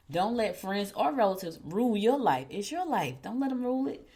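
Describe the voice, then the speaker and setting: A woman hosting a morning show, chatting casually and playfully, talking straight to her listeners. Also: low voice. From New Jersey. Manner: chatty and playful, addressing listeners directly as y'all. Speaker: show host. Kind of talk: casual chat.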